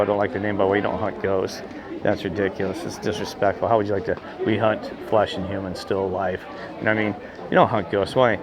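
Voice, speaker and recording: A man telling a rambling, excitable story in casual chat, gesturing as he talks outdoors. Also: on the low side. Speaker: vlogger telling a ghost story.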